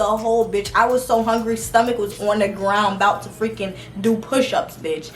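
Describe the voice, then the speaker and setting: A woman's voice: mid-range voice, fairly even intonation, normal speed, hardly any pauses, recorded from a distance. A young woman telling a personal storytime in a casual, blunt and profane way, laughing as she goes. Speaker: vlogger. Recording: roomy sound from off the mic with faint music.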